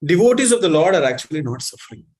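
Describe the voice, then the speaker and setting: A man giving an animated sermon, questioning the audience and reciting Sanskrit verses. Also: a little high, fast talker. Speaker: spiritual teacher.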